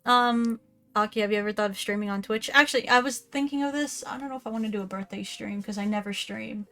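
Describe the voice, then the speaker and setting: A woman's voice: mid-range voice, fast, fairly bright tone, faint music behind. A woman chatting casually on a livestream as a guest, swearing and laughing often. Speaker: guest and co-streamer.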